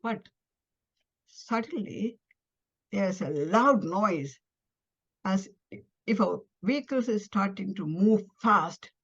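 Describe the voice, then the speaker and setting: Woman w/ tamil-english accent reading her story out loud, gets dramatic on the dialogue, kinda dull lo-fi sound. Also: mid-range voice, lively intonation, slow pace, long pauses, slightly rough. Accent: Tamil-influenced English. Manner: dramatic, voices quoted dialogue with rising emotion. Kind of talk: first-person story reading. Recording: slightly dull lo-fi audio.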